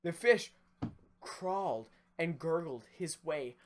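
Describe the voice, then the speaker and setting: A man's voice: fairly high pitch, expressive, takes it slowly, a little hiss or hum. A man co-hosting a comedy podcast, narrating an improvised tale in mock-grand wording with giggles. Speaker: podcast co-host.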